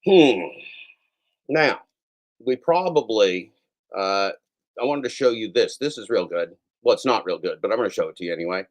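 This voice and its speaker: A man hosting a daily show in a casual, profane rant, swinging between yelling and soft apologies. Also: lowish voice, lively intonation, moderate pace, pauses often.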